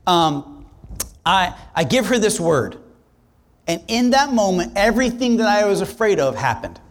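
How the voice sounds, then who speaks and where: Animated preaching male pastor. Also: high-pitched, a little slow. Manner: animated, conversational, acts out dialogue. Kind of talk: sermon storytelling.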